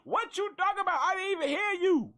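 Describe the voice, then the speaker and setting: A man voicing a tiny, furious, foul-mouthed grown woman in a comedic skit, squeaky and indignant. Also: animated, quick pace, sharp tone, exaggerated voice.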